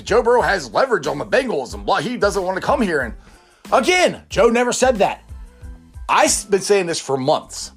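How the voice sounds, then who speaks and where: A man hosting a casual sports talk show, rambling and opinionated as he goes. His pitch swings widely from low grumbles to high bursts. Faint music sits under his voice. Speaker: sports podcast host.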